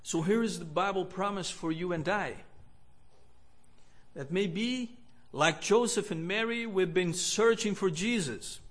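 A man preaching a sermon in an earnest, measured way, with pauses between phrases. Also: high voice, fairly bright tone.

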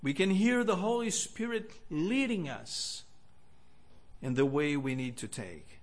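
A man with a notably high voice delivers a sermon at an unhurried pace. He speaks earnestly, measuring out each phrase and pausing often. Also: animated. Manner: earnest, measured preaching with pauses. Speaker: preacher.

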